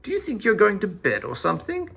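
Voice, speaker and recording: A man voicing Mother Hey-Ho, a fierce old woman who scolds and yells, in a storybook reading. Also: sing-song, slow, gravelly, slightly rough, full character voice. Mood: astonished. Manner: yelling, shrill scolding. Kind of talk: storybook read-aloud.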